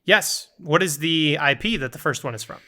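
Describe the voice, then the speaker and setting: Bright, playful male co-host. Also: a little high, expressive, normal speed. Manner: playful, teasing. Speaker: podcast co-host. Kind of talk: casual game-show chat.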